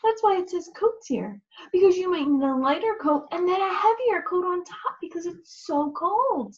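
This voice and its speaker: A woman with a North American accent teaching English to young learners, with encouraging, drawn-out words and frequent praise. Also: extremely high pitch, big pitch swings, highs cut off. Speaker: ESL teacher.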